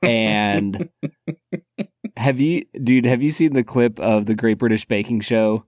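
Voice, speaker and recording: This podcast co-host has a lowish, darkish voice and takes things slowly as he rambles through casual conversation, using lots of fillers and restarting often. The recording is clean studio sound with no room sound.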